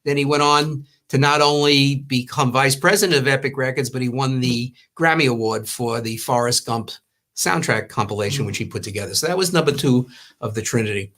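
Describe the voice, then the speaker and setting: A man's voice: mid-range voice, brisk. An older man from the New York area, a former magazine owner, telling long anecdotes in casual talk and acting out the quotes. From Long Island, New York. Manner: rambling, warm storytelling with acted-out quotes.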